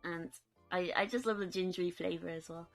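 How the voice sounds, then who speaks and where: A young woman from the United Kingdom chats casually on a live stream, giggling often and reading out the chat. Her voice is lowish and a little fast, with faint music behind her.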